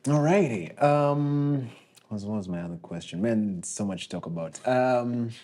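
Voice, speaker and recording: A man's voice: mid-range voice, moderate pace. A Kenyan man hosting a podcast, asking questions casually and backing his guest with frequent yeahs. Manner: relaxed, affirming, frequent "yeah" back-channels. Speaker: podcast host. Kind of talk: casual interview.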